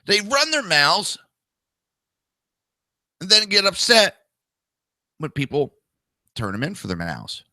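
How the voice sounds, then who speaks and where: This New Jersey-accented man hosts a political talk show and rants in a blunt, crude, combative opinion monologue, throwing in whiny impressions to mock others. His voice is high-pitched and sharp with huge pitch swings, slow with frequent pauses, and has no echo.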